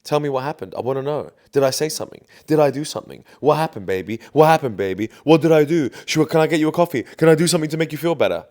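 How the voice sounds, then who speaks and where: A man's voice: on the high side, lively intonation, rapid-fire, hardly any pauses, a little mellow, pitched above the performer's own voice, close to an everyday voice. A man mimicking a needy, whiny boyfriend. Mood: pleading. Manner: whiny, begging, repetitive. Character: needy, pleading young man, anxious to please.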